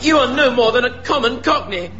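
A man playing a prim, indignant young gentleman who talks stiffly and takes offence. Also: very high-pitched, animated, a little fast, highs cut off, faint music behind, exaggerated voice. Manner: stiff, scandalised, posh.

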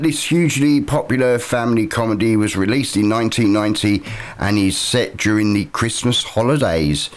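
A man's voice: lowish voice, moderate pace. A man presenting a local morning radio show, chatting casually with lots of "uh" fillers. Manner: relaxed and chatty, with frequent "uh" fillers. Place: radio studio.

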